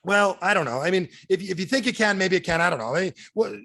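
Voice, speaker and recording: Guy doing a whiny skeptical homeowner, pitched up, keeps hedging. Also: animated, quick pace, bright, forceful tone, heavily acted. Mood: grudging. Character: doubtful grumbling male homeowner.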